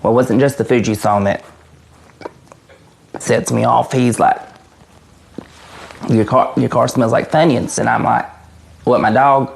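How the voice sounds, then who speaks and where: A man's voice: mid-range voice, fairly even intonation, unhurried, long pauses, slight background noise, rough recording. An actor playing an awkward, earnest adult man who stammers through a mock interview as someone's twin brother. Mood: rambling. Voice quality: creaky. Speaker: interview guest.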